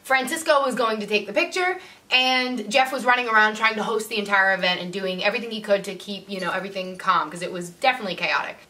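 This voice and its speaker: A woman's voice: medium pitch, quick pace, sharp tone, recorded from a distance. A woman vlogger telling a personal story to camera in a chatty way, full of "like" fillers. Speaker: model and vlogger.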